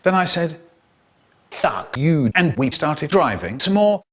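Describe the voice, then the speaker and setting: An older man narrating a comic story theatrically, swinging between hushed asides and sudden bursts. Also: on the high side, sing-song, normal speed.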